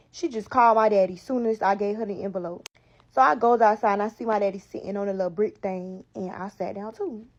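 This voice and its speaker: A woman in her twenties with a South Florida accent, telling a personal story in an animated, profane and slangy way as a podcast guest. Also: mid-range voice, dull audio. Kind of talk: casual storytelling.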